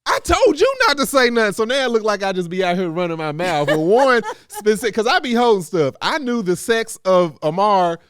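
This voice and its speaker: A man, co-hosting a casual chat, telling a story in a rambling, animated way with many restarts. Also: sits high, brisk, hardly any pauses, clean tone, dry recording, clean studio sound. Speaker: co-host.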